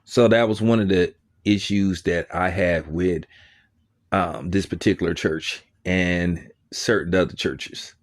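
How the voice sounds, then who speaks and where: A man with a fairly low voice talks in a loose, conversational way, like an informal commentary show. He tells his story with energy and acts out the remarks of others as he goes. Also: measured pace. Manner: conversational, animated storytelling with quoted asides. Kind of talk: casual spoken commentary.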